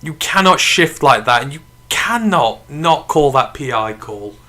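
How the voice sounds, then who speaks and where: A man hosting a live sports watch-along stream. His voice has a forceful, bright edge at a middling pitch. He reacts excitably and flares into outrage at the play, then reads and answers viewer messages in the same animated way. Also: a little slow. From United Kingdom. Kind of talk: live watch-along commentary and chat reading.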